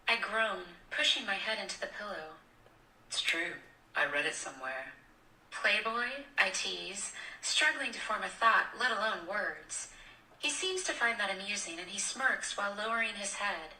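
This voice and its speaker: A young woman reading a novel passage aloud in a steady, unhurried way. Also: mid-range voice. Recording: echoey room, distant mic, faint hiss.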